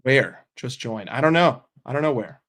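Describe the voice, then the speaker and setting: A man hosting a casual livestream, reading viewer comments aloud and answering them in a blunt, profane, animated way. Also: mid-range voice, normal speed. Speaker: livestream host.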